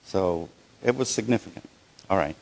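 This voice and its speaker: Male workshop presenter, low-pitched, casual and halting, with frequent restarts and audience check-ins. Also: gravelly, darkish tone, slight background noise. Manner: halting, many restarts and fillers. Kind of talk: live workshop talk.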